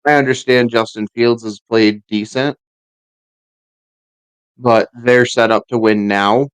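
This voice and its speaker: A man's voice: medium pitch, fairly even intonation, slow, clear, resonant tone, no room sound, low-quality recording. A man co-hosting a casual sports podcast who rambles and restarts his sentences often. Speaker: podcast co-host.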